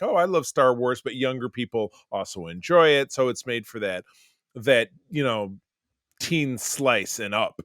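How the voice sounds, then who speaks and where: Male podcast co-host, casual chat, lively delivery with frequent fillers, dry close sound. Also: mid-range voice, no echo. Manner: animated, trails off with fillers.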